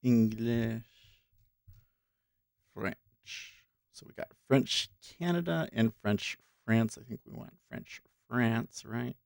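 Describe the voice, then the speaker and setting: With a slow, gravelly mid-range voice and frequent pauses, a man hosts a day-trading livestream, chatting directly with viewers and thinking aloud at his desk mic. The sound is clean studio audio with no room noise.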